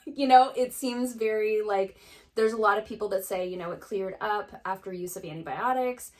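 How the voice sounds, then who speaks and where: A woman in her thirties, a beauty vlogger and esthetician, casually telling a story to camera and acting out the other people's lines. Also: on the low side. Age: 30s. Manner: animated retelling with quoted dialogue.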